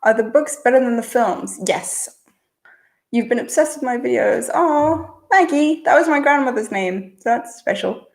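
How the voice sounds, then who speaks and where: A young woman hosting a casual livestream, reading out chat questions and answering in a relaxed, chatty way, thinking aloud before she replies. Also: a little high, moderate pace. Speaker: channel host.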